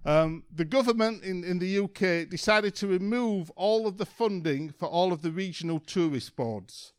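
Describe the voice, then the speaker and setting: A man speaks to his church in a slightly higher-than-usual voice. He tells a story in a relaxed, chatty way, full of ums and kind-ofs. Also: moderate pace, clear, resonant tone. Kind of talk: informal church talk.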